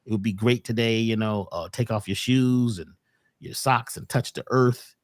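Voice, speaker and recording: A man giving a calm, preachy spiritual talk as a guest on an online show. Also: medium pitch, normal speed, no room sound. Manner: calm, preachy, rhythmic phrasing. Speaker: guest speaker.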